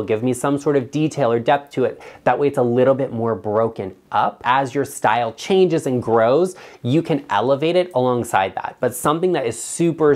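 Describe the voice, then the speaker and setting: A man vlogging about home design, speaking bluntly and emphatically straight to the viewer. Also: mid-range voice. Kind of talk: opinionated talk to camera.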